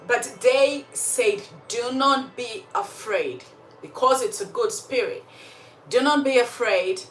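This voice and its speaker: A woman telling a story in a casual, animated way, with emphatic asides and religious commentary. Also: mid-range voice. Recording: echoey room, slightly far from mic, faint background noise.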